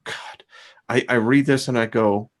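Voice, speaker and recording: A man's voice: medium pitch, fairly even intonation, measured pace. A man hosting a casual spiritual discussion, laughing often and reading out a list of principles. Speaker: host.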